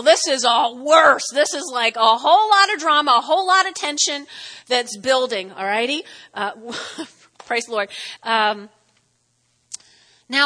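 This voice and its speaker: A woman teaching a lively, chatty Bible lesson, acting out quotes as she goes. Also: fairly high pitch, big-room sound. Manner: animated, chatty, acts out quotes. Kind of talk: lively sermon.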